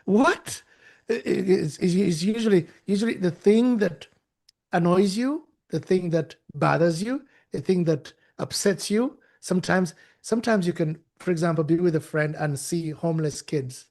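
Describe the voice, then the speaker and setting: A man's voice: high-pitched, normal speed, vocal fry, darkish tone. A man giving an emphatic, preacherly motivational talk to young people, often restarting and repeating words. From Uganda. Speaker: guest speaker and author.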